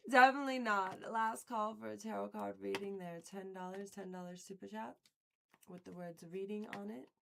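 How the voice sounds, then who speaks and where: A woman's voice: mid-range voice, expressive, a little slow, vocal fry, slight background noise. A woman livestreamer chatting casually with viewers in a playful, rambling way and giggling often.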